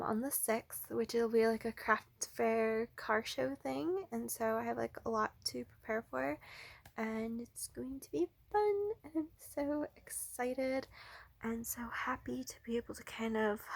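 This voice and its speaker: A young woman with a somewhat high, bubbly voice chats casually in a home vlog. She rambles with fillers and now and then dips to a near-whisper. The sound is dry and close. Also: vocal fry, no room sound. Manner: chatty and bubbly, with many fillers and some hushed asides. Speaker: vlogger and art teacher. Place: indoors at home, in a bedroom.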